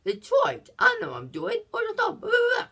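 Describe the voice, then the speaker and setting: A man putting on a cocky young cop, squeaky and whiny, strained high pleading. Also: wildly swooping pitch, fairly quick, gravelly, sharp tone, full character voice.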